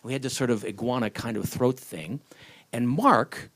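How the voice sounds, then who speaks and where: A man's voice: mid-range voice, moderate pace, a bit bright. A man who creates comedy shows tells wry, rambling stories during an audience Q&A at a live panel event. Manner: wry, rambling storyteller who slips into voices.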